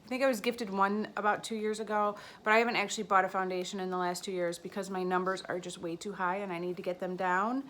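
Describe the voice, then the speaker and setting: A woman's voice: mid-range voice, fairly bright tone, slight background noise. Chatty woman beauty vlogger. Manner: chatty, meandering, enthusiastic recommending. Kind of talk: casual monthly favorites review.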